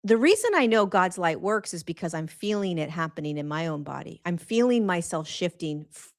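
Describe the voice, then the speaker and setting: A woman's voice: fairly low pitch, animated. Earnest woman hosting a spiritual livestream. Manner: earnest and emphatic, repeats phrases for stress; slows right down on key words. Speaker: host of a spiritual talk show. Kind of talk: live-streamed spiritual monologue.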